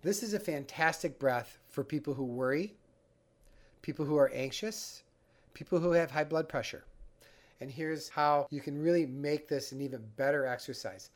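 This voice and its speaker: A man teaching a breathing exercise for anxiety, guiding the listener step by step in a calm, instructive way. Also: a little high, normal speed. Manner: calm, guiding, acts out the panicked mind. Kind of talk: instructional talk.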